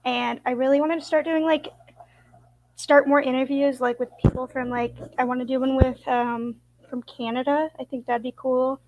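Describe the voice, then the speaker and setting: High-voiced woman host, chatty. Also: level tone, moderate pace, muffled recording. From Idaho, United States. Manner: chatty, lots of "like". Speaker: channel host. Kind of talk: casual interview chat.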